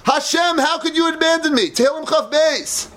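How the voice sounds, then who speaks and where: High-voiced man giving an impassioned Torah class. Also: moderate pace. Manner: dramatic, rising to shouts. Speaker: Torah lecturer.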